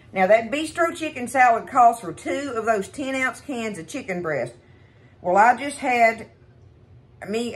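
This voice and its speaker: A middle-aged woman with a Texan accent, hosting a home cooking show in a folksy, chatty way and talking to viewers as y'all. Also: on the high side. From Texas. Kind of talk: casual home cooking demonstration.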